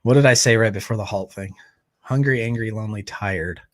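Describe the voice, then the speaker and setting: A man hosting a live recovery stream in a loose, joking, animated way. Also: on the low side, brisk, no echo, studio quality. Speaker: host. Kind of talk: casual live-stream chat.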